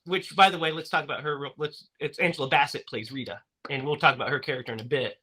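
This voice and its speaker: A man hosts a relaxed movie-review podcast, his voice sitting a little high with a bright, forward edge. He talks in loose, rambling runs, stumbling over restarts and fillers. He laughs easily between points. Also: fast, slightly rough. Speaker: podcast host. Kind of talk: casual movie-review chat.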